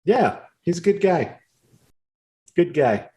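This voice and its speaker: A man's voice: high-pitched, big pitch swings, slow pace, mellow, muffled recording, voice pushed up, heavily acted. A man voicing a friendly, nervous woman harvest worker who stammers and repeats herself eagerly.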